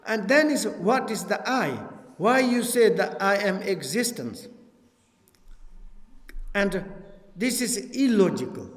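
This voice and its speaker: High-voiced man teaching in an echoing hall. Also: slow pace, long pauses. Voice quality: non-native broken English. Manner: lively, laughing, acts out dialogues. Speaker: Buddhist teacher. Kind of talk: dharma teaching at a retreat. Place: retreat hall. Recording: echoey hall, long reverb.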